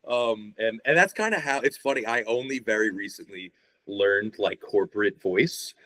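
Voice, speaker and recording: A man's voice: fairly low pitch, animated, moderate pace, pushed and bright, no room sound. A young man, a guest on a podcast, talking in a rambling, laid-back way and swearing often. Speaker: guest, shirt artist. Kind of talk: casual podcast conversation.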